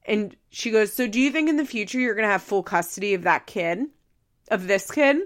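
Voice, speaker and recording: A woman's voice: medium pitch, a little fast. A woman hosting a podcast, recapping a reality show in casual chat, laughing often and acting out the quoted lines. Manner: chatty, laughing, acts out quotes. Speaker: podcast host.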